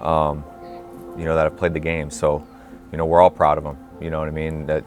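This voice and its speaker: A former teammate talking in a reflective interview, halting and full of fillers. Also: male voice, a bass voice, monotone, faint music behind.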